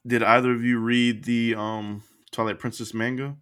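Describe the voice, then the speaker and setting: A man co-hosting a casual podcast chat about games, animated and laughing often. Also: mid-range voice, moderate pace. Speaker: podcast co-host.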